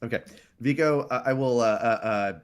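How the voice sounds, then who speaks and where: A woman playing a tabletop game, chatty and quick to laugh. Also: a bass voice, clean tone. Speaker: player. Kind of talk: casual tabletop play.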